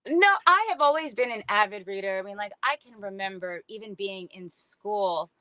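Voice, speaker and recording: A middle-aged woman, a book influencer guesting on a podcast, tells stories in a chatty way, saying "like" a lot and acting out what people said. Her mid-range voice has a sharp tone, normal speed, and no echo.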